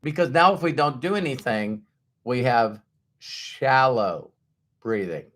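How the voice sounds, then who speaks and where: Animated man giving a motivational talk. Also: mid-range voice, unhurried. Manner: animated and conversational, acts out doubters' voices. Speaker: motivational speaker.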